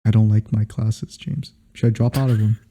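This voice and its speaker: A man's voice: lowish voice, steady tone, normal speed, warm tone. A man co-hosting a casual podcast, teasing his friend while talking in a put-on British accent. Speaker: podcast co-host. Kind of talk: casual joking chat.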